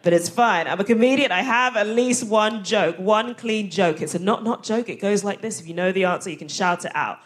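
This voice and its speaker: A woman with a posh London accent doing a cheeky, punchy stand-up set on a theatre stage. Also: mid-range voice. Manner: cheeky, quick storytelling, punchy. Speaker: stand-up comedian. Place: theatre stage before a live audience.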